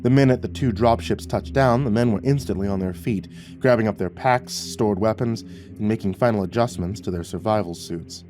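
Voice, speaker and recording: A man narrating a scripted sci-fi horror story in a steady, measured way. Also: fairly low pitch, soft background music.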